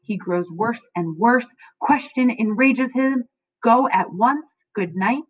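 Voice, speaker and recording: A woman teacher reading aloud as Lady Macbeth, a frustrated and commanding queen, in a slow, firm voice. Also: fairly high pitch, pitched above the performer's own voice. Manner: reads slowly and firmly. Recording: dry, tinny phone-like sound.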